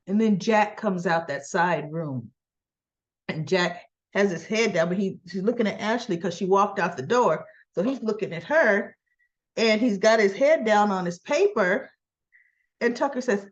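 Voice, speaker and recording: A woman's voice: on the high side, animated, moderate pace, lo-fi sound. A woman chatting casually as she recaps a soap opera episode, acting out the characters' lines in a livelier voice.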